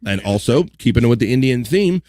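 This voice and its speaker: A man's voice: medium pitch, a little fast, no echo, studio quality. Casual man hosting a livestream. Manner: relaxed, joking asides, reads items aloud. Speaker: livestream host. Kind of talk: casual chat reading on-this-day history.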